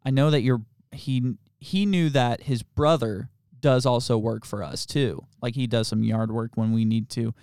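A man's voice: medium pitch, normal speed, hardly any pauses, a little mellow, clear, resonant tone, no echo, studio quality. A man co-hosting a podcast in casual chat, rambling through stories with lots of fillers and frequent laughter. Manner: rambling, laughs often, filler-heavy storytelling. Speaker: podcast co-host.

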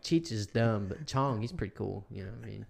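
A man's voice: lowish voice, expressive, fairly quick, vocal fry. A man co-hosting a podcast in casual chat, crude and joking, laughing often. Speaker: podcast co-host.

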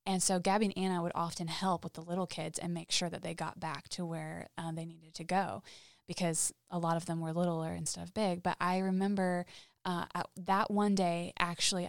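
A woman guest telling personal stories in an interview, halting and heartfelt, with frequent restarts. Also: on the low side, gravelly, no room sound. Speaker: podcast guest. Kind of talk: candid interview storytelling.

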